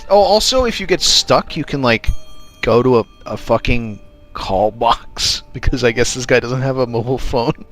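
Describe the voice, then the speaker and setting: A man's voice: medium pitch, moderate pace, a bit bright, faint music behind. Laid-back man commenting on a game. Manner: loose, laid-back, swears casually. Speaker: game show co-host. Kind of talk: casual let's-play commentary.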